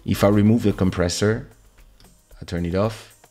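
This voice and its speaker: A man hosting a live stream, explaining his audio setup step by step and speaking softly and loudly on purpose to show the effect, into a broadcast microphone. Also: fairly low pitch, steady tone, moderate pace, faint music behind. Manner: explains step by step, talks loud and soft on purpose. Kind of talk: casual tech demonstration. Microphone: dynamic broadcast microphone.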